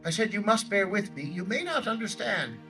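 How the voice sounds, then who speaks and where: A blustering older Theodore Roosevelt, played by a male reenactor booms out a declamatory stump speech in a high, sharply bright voice. He orates outdoors in a lakeside park, caught by a distant microphone, with faint music drifting behind him. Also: very animated, brisk, heavily acted. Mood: rousing. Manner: booming, declamatory oratory. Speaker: historical reenactor.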